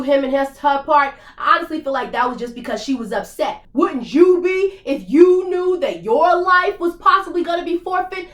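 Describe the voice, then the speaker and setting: Woman reaction host, heated and profane, high voice with wide swings, roomy echo. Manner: heated, profane, animated ranting. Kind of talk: TV episode reaction rant. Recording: echoey room.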